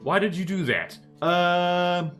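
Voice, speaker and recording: A man's voice: high voice, slow, a bit bright, soft background music. A man streaming a game live, chatting casually in a rambling, self-mocking and jokey way. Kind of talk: casual live-stream chat while playing.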